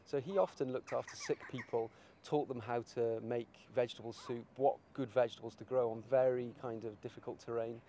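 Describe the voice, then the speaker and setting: A man's voice: mid-range voice, a little fast, few pauses, dark tone, slight background noise. A man artist talking in a casual interview, rambling and searching for his words.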